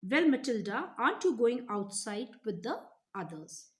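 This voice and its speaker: A woman with an Indian English accent reading the lines of a kind, gentle female class teacher, calm and reassuring. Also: a little high, normal speed. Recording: echoey room.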